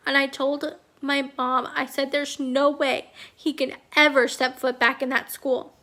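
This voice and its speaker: A homeschooling mother and consultant talks casually in a personal vlog, candid and chatty, her stories stuffed with fillers like "like" and "kinda." Her voice is high, bright, and forward.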